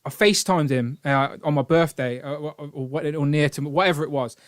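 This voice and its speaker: A man's voice: on the high side, brisk. A British man hosting a toy collecting live stream, rambling and joking as he thanks donors. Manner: rambling and jokey, reads out donations. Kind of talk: casual live-stream chat.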